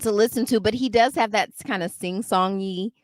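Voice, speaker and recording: A woman co-hosting a podcast, chatting casually about a book, laughing often and acting out lines with animated voices. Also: mid-range voice, brisk, dry recording, studio quality. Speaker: podcast co-host. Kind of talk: casual book club chat.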